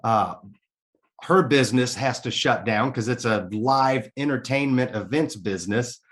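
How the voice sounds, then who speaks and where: Animated man telling his story. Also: mid-range voice, a little slow. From Kansas City area. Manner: animated, swears freely, retells his own thoughts aloud. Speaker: interview guest. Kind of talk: casual storytelling interview.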